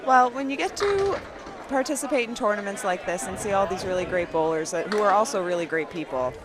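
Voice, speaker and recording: A woman's voice: medium pitch, lively intonation, fairly quick. Cheerful Canadian woman calling bowling. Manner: cheerful, laughs often. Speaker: guest commentator and bowler. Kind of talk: play-by-play commentary. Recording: loud crowd and noise at a bowling alley.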